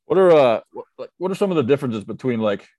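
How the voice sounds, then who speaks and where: Mellow halting male co-host. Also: mid-range voice, expressive, no room sound. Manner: halting, searching for words. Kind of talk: casual interview questions.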